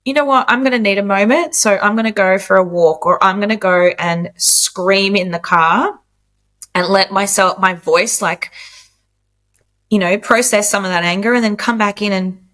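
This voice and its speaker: A woman in her late thirties, a podcast guest, speaks frankly in a relaxed conversation at a middle pitch. She swears freely and jumps into quoted voices when she tells stories. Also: normal speed. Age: 30s. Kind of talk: casual candid chat.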